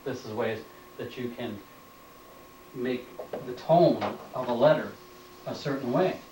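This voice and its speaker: With a warm, mid-range voice and measured pace, a man teaches a training lecture, stating points plainly and echoing them as questions. The indoor camera-mic recording, taken from afar, sounds roomy and off-mic, with slight background noise.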